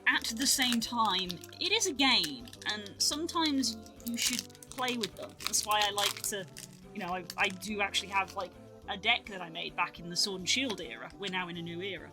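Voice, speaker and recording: A woman streaming, chatting casually as she opens trading cards, breaking into excited exclamations. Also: medium pitch, normal speed, music in the background. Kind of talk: casual live-stream card-opening commentary.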